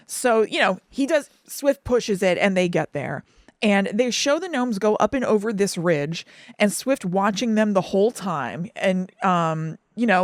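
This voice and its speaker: A woman's voice: medium pitch, no echo, studio quality. A young woman co-hosting a podcast, recapping a cartoon episode in casual chat and getting emotional as she goes. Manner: animated, laughing and crying while retelling. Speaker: podcast co-host.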